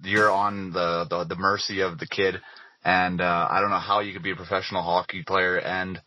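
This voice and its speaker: Brief: deep male caller, rambling voicemail, dull lo-fi dry sound. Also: no echo. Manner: rambling, lots of ums and uhs.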